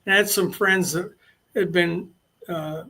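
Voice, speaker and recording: A man's voice: high-pitched, steady tone, a little slow, sharp tone, a little hiss or hum. An older man telling long anecdotes as an interview guest, rambling and restarting his sentences. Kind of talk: casual storytelling interview.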